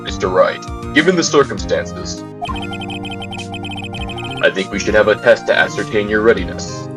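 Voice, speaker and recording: A man's voice: lowish voice, expressive, lightly acted. A man reading as a stern old judge. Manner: formal, measured. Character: stern elderly male court judge. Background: game music.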